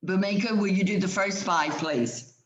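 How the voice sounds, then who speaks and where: A woman teaching a grammar class, speaking patiently and slowing down to spell out each rule. Her voice sounds roomy, with a clear echo around it. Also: medium pitch, lo-fi sound.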